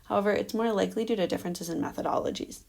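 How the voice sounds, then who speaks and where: A woman presenting her dissertation defense in a measured, explanatory academic style, walking through results on slides with an occasional um. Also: mid-range voice, vocal fry, darkish tone.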